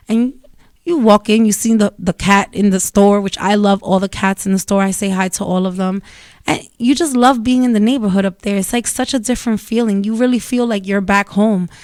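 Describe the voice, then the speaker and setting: A woman's voice: medium pitch, no room sound, clean studio sound. A young woman, talking casually and bluntly to her viewers, rambling and swearing freely. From Dominican family in New York. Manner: blunt, profane, rambling storytelling. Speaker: vlogger. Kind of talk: casual monologue to camera.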